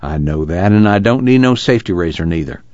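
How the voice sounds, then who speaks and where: Male reader doing deep, tired farmer father; dry, lo-fi audiobook. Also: expressive, fairly quick, a little mellow, no room sound. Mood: grumbling. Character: weary poor farmer father, plain-spoken.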